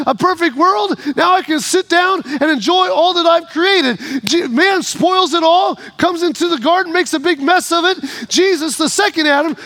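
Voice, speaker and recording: A man's voice: extremely high pitch, sharp tone. A male pastor preaching a sermon, emphatic, with repeated phrases and restarts.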